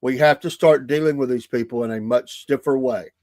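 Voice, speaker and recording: A man's voice: medium pitch, a little fast, a little mellow, no echo, clean studio sound. A man co-hosting a morning talk show, chatting casually with plenty of hesitations and filler words. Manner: chatty, hesitant with frequent uhs.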